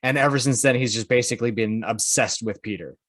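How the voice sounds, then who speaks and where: In a casual podcast chat, a male co-host rambles through his points and teases the others. His medium-pitched voice is a bit bright, and he talks fairly quickly.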